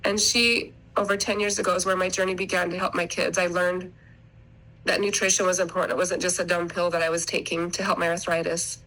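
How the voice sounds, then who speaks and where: On a poor-quality recording, this podcast guest speaks in a low-leaning, slightly bright voice with little pitch movement and a brisk pace. She's a middle-aged mother of three, earnestly rambling through her family's story in casual interview style and frequently starting sentences over.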